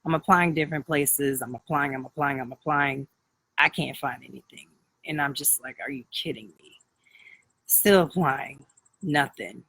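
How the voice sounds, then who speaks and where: Man, about 30, candid rambling storyteller; mid pitch, gravelly edge. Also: normal speed, pushed and bright, dry recording, poor audio. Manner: rambling and candid, with many fillers and restarts. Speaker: livestream host. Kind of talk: casual personal storytelling on a live video.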